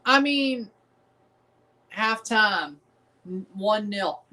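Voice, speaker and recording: A man's voice: high-pitched, lively intonation, very slow, bright, forceful tone, rough recording. A man with a Southern US accent, hosting a match watchalong livestream in a casual, rambling, defiant way, often repeating himself. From American South.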